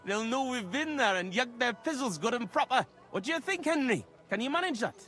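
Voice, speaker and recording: An actor voicing a jolly young village ringleader, lively and quick to laugh. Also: male voice, very high voice, exaggerated voice.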